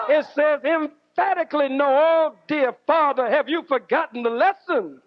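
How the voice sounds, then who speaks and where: A man preaching a fiery sermon, quoting scripture and repeating phrases for force. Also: extremely high pitch. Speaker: minister. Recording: dull lo-fi archive recording.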